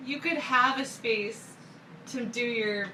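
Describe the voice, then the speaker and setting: A woman's voice: on the high side, slow pace, pushed and bright. A woman chiming in on a casual podcast chat with wry, teasing asides. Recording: echoey room with clear background noise.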